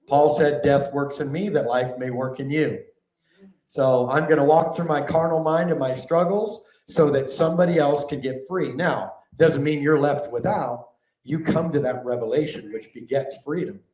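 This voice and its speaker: A man preaching a sermon to a live audience, animated and conversational, often asking the room questions. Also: fairly high pitch, moderate pace. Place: large hall before a live audience. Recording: echoey hall, mic at a distance.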